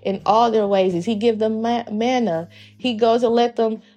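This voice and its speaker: A young woman co-hosting a faith podcast, casually telling a family story and acting out the dialogue with animated jumps in her voice. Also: fairly high pitch, moderate pace, dull audio. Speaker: podcast co-host.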